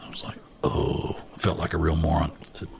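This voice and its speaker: A man's voice: extremely low pitch, very fast, creaky, a little hiss or hum. An older man, a former Marine aviator telling stories from his life as an interview guest, acting out the voices of other people. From Alabama, US. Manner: animated storyteller, acts out other voices. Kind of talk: storytelling interview.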